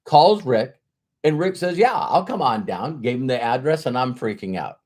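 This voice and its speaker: A man's voice: mid-range voice, lively intonation, moderate pace, a little mellow. A middle-aged man, a network marketing trainer, telling a motivational story and acting out both sides of a conversation.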